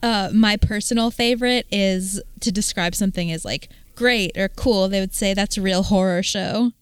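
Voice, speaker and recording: Woman on a podcast, smooth clear voice, dry close mic, kinda thoughtful, says like a lot. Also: mid-range voice, normal speed, no echo. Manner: thoughtful, hedging with likes. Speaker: podcast co-host. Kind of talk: casual chat.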